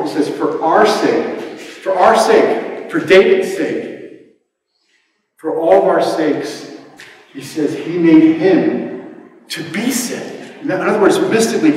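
A middle-aged man preaching a sermon, swinging from hushed tones to shouting. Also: on the high side. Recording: roomy hall, mic far off.

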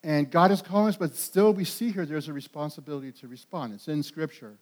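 A pastor preaching a sermon, animated and emphatic. He rises to loud peaks and often repeats and restarts words. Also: a little high, fairly quick.

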